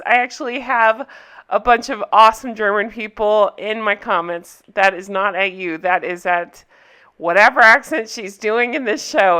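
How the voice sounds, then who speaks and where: A woman's voice: on the high side, normal speed, bright, forceful tone, smooth. A woman hosting a casual TV recap vlog, chatty and giggly. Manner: chatty, giggly, keeps slipping into joke voices. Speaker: TV recap vlogger.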